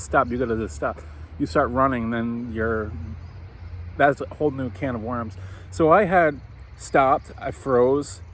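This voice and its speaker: A man casually telling a personal story over coffee, animated and swearing, acting out the voices of people he quotes. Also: mid-range voice, husky.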